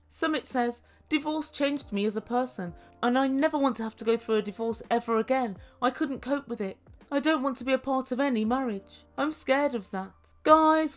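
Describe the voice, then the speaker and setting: A woman giving a sarcastic, swear-filled recap of a reality show, laughing at her own jokes. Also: fairly high pitch. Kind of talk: casual commentary recap.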